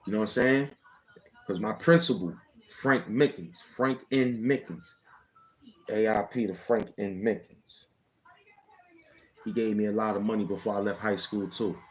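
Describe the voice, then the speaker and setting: Rambling slangy man, lowish voice. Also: measured pace, pauses often, low-quality recording. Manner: rambling, slangy street talk with frequent "you know what I'm saying". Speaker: channel host telling a personal story. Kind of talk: casual storytelling.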